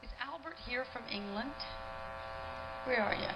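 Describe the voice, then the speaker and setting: A woman's voice: a little high, animated, measured pace. A woman with a Southern US accent, a worship leader and singer, speaking spontaneously to a church conference crowd and calling people up to the front. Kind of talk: addressing a church congregation. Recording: lo-fi video with music behind.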